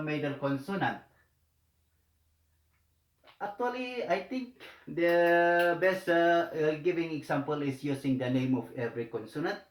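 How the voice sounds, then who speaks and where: A man teaching the Korean alphabet, speaking haltingly with many pauses and repeated words. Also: fairly high pitch. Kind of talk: hesitant spoken tutorial. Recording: echoey room.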